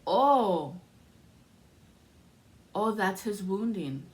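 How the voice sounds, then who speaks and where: A woman drifting through a tarot reading at an unhurried, slow pace, her voice sitting at an ordinary middle pitch. She rambles and muses aloud and often laughs as she talks. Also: expressive. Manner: rambling, musing, frequent laughter. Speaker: tarot reader. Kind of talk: spiritual tarot reading vlog.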